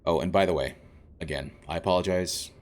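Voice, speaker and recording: A man's voice: deep voice, fairly quick. A man streaming a video game, thinking aloud in a rambling, self-deprecating way. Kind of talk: casual gameplay commentary.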